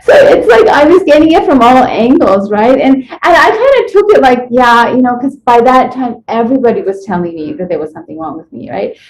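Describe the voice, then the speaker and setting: A woman being interviewed, telling a personal story in a rambling, animated way and acting out what people said to her. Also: fairly high pitch, fairly quick, few pauses. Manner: rambling, animated retelling with acted-out quotes. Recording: echoey room, dull lo-fi sound.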